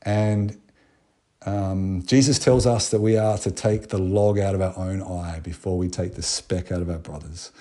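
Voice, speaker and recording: An Australian man preaches in a relaxed, conversational way, moving between Bible readings and plain talk. His voice sits low and sounds mellow and dark. He fills pauses with small ums and restarts. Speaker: pastor. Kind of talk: sermon.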